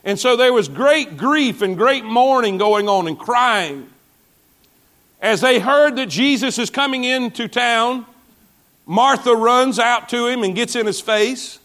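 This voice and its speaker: Pastor, male, high voice, sermon delivery with congregation asides. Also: a little slow, fairly bright tone. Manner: preaching with call-and-response asides to the congregation.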